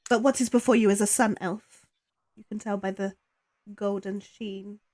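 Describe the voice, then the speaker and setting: A woman running a tabletop game as game master, halting and searching for words. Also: medium pitch, steady tone, mellow.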